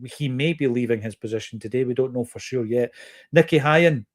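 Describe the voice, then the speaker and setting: A man from Fife with a Scottish accent, hosting a football podcast and answering listener comments in an earnest, opinionated way. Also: medium pitch. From Fife, Scotland. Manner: earnest, opinionated, measured with fillers.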